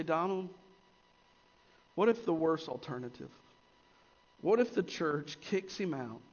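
A man preaching a sermon as pastor, swinging between emphatic rises and quiet, intense drops. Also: a little high. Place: church sanctuary. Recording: long church reverb, dull lo-fi sound.

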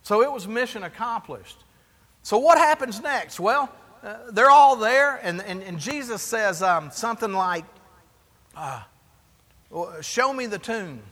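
A man preaching a sermon, asking the congregation rhetorical questions in an animated way. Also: sits high, measured pace, in a large hall. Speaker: pastor.

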